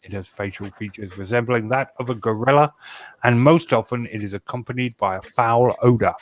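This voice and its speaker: A man's voice: medium pitch, brisk. A man hosting a podcast, reading news aloud and adding wry, sweary asides. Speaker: podcast host.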